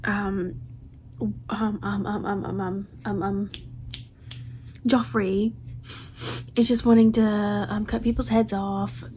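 A woman's voice: mid-range voice, flat delivery, slow pace, long pauses, warm tone, a little hiss or hum, rough recording. A woman chatting casually to camera as a book vlogger, rambling with lots of ums and restarts. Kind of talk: casual chat.

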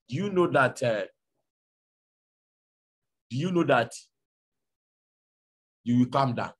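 A man's voice: medium pitch, takes it slowly, pauses often, husky. A man with a Nigerian accent preaching a sermon, telling stories and acting out conversations. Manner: storytelling, animated, acts out dialogue. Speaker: pastor.

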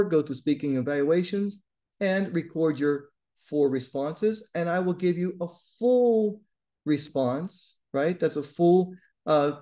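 A male tutor speaking directly to his students in a lesson. His voice sits a bit high and has a warm, mellow tone. He talks with blunt emphasis and keeps pushing them to do well. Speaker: TOEFL tutor.

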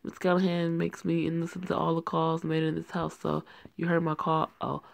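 A reader voicing Fidel, a caring young man, gravelly. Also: mid-range voice, completely flat delivery, normal speed, no room sound, natural voice. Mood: persuasive. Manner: gently persistent, playful. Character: concerned friendly young man working for the mafia.

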